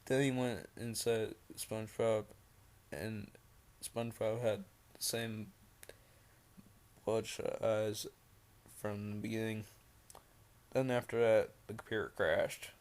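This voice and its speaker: A man's voice: fairly low pitch, little pitch movement, slow, long pauses, darkish tone. A young man reading a creepypasta aloud, breaking off into rambling, mocking asides full of fillers. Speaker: creepypasta reader.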